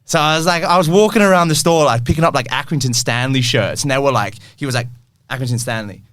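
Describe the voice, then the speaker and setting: A man's voice: mid-range voice, fast, a bit bright, no room sound, studio quality. A young man, a football kit store owner, telling a long story in casual chat, laughing and acting out his own reactions.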